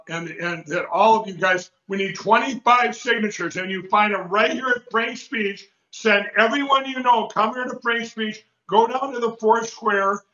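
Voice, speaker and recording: A show host with a high, bright, forceful male voice makes rapid, repetitive, fired-up appeals urging listeners to act and donate. The recording is echoey, dull, and lo-fi.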